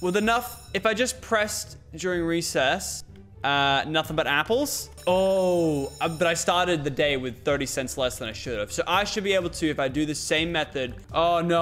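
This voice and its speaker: A man's voice: on the high side, fairly bright tone. A young man giving casual let's-play commentary, swearing often and talking through his plans aloud. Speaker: gaming YouTuber.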